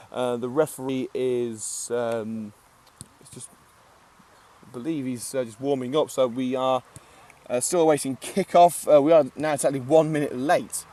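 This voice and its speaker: A man's voice: medium pitch, dark tone, far from the mic. A man giving casual live commentary at an outdoor football ground, chatty and joking with lots of filler "uh"s. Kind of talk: live amateur match commentary.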